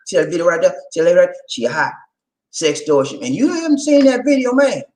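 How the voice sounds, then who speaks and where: A man talks casually to his viewers, joking and lecturing in turn. His pitch jumps around a lot and the room around him rings with echo. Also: very animated, quick pace, darkish tone. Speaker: vlogger. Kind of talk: casual vlog commentary.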